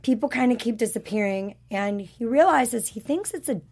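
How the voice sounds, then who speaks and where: A woman in casual conversation about a TV show, her voice slightly hoarse from illness. She speaks in a fairly high register and moves quickly from point to point with lots of energy, acting out the characters' lines as she tells the story. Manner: chatty, animated, acts out characters' lines. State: sick with a rough voice. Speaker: podcast co-host. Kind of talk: casual TV review chat.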